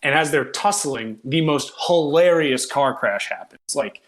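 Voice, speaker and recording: A man's voice: on the high side, a little slow. A man co-hosting a casual film podcast, retelling a movie's plot with amused, laughing disbelief. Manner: animated storytelling, laughing at the film. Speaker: podcast co-host reviewing films. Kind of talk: casual chat.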